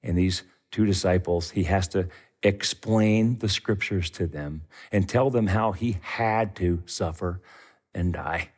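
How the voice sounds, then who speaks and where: A man's voice: deep voice, a little slow. A middle-aged man preaching a sermon as pastor, telling the story with animation and acting out the voices in it.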